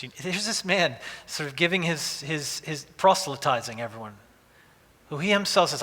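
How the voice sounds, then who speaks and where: A man in his forties preaches in a relaxed, storytelling way, often restarting his sentences. His voice is bright and sits a little high for a man, and it carries a long reverb from a large hall. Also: moderate pace. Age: 40s. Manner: conversational, anecdotal, with frequent restarts. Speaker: pastor. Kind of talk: sermon.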